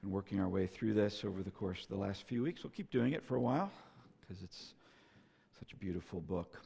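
A man preaching a sermon as pastor, telling a story in an earnest way that swings between loud and soft. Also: sits low, a little fast, vocal fry, slightly rough. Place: church sanctuary. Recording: long reverb of a hall.

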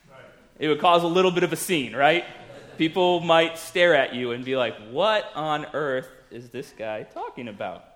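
A man preaching a sermon in a conversational way, telling the story with lively acted-out quotes. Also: fairly high pitch, moderate pace.

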